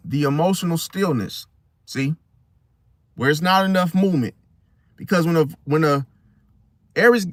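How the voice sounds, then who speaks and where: A man hosting a casual astrology monologue, talking in an animated way and often asking his listeners "See?". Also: on the high side, no echo. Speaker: host.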